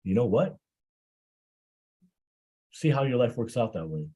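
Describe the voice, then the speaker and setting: A man preaching a Muharram sermon, halting often and repeating words as he builds his story. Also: mid-range voice, big pitch swings, warm tone, husky.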